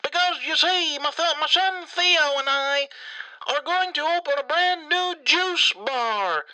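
A fussy falsetto doctor on voicemail. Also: male voice, a little slow, pushed and bright, exaggerated voice, poor audio. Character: pompous male doctor, father, leaving a rambling voicemail. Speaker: prank caller. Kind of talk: prank voicemail impression. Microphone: voicemail recording.

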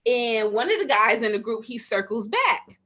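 A woman's voice: fairly high pitch, very animated, moderate pace, a bit bright. A woman in her thirties, a midwife, telling her story in a casual interview and acting out her own past thoughts and conversations. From Miami area. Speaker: midwife, podcast guest. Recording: slightly dull lo-fi audio.

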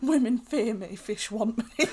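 A young woman co-hosting a podcast, chatting casually with lots of joking and laughter. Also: high-pitched. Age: young adult. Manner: joking, giggly, lively banter. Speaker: podcast co-host. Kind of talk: casual chat.

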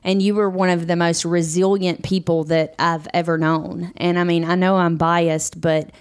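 A woman's voice: lowish voice, flat delivery, normal speed, smooth. A woman co-hosting a podcast who speaks in a supportive, reflective way in casual chat. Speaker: podcast co-host.

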